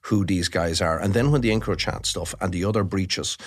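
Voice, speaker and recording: A man's voice: low-pitched, a little fast. A middle-aged Irish man, a crime journalist, talking emphatically in a podcast interview with frequent restarts.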